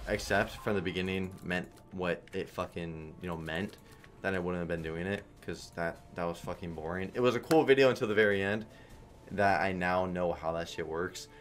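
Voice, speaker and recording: A low-voiced man streams online slots, offering casual, profane play-by-play and thinking aloud in a frustrated way.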